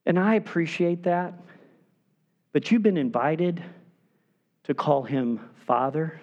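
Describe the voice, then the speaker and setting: A male pastor preaching a sermon in a high, strongly expressive voice that swoops up and down. He speaks unhurriedly and leans hard on key words, then drops almost to a hush to drive a point home. The delivery is earnest and emphatic throughout. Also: slow pace, dull audio. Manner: emphatic preaching, dropping to hushed tones for emphasis.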